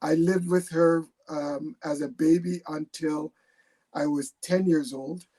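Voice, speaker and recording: A man's voice: on the high side, fairly even intonation, slow pace, mellow. A man born in England and raised in Jamaica, a guest telling his story on a video call, hesitant and repeating his words. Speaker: guest, retired army captain.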